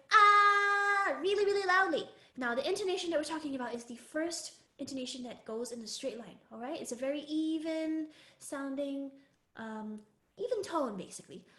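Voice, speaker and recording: A woman teaching a live online music and Mandarin lesson to children in an animated, sing-song manner. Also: high-pitched, echoey room. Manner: animated, sing-song, calls herself in third person. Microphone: video call.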